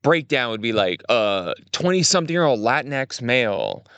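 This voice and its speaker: A young adult man, chatting casually as a podcast guest, animated and acting out quotes with big pitch jumps. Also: moderate pace, clear, resonant tone, no echo. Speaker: creative director, guest.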